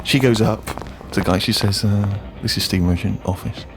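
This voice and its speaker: A man's voice: on the low side, steady tone, normal speed. A man on a podcast, telling a self-deprecating comic story full of hesitant fillers. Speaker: podcast co-host.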